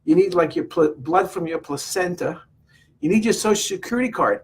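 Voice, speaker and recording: Man, husky voice, rambling exasperated anecdote, casual vlog. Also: sits high, lively intonation, fairly quick. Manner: rambling, exasperated storytelling with quoted exchanges. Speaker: vlogger telling a personal story.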